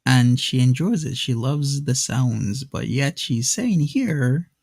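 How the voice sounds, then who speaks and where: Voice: medium pitch, animated, slow, a little mellow, breathy edge, no echo. A channel host from Canada giving sarcastic reaction commentary with dry, mocking asides. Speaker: channel host reviewing a video.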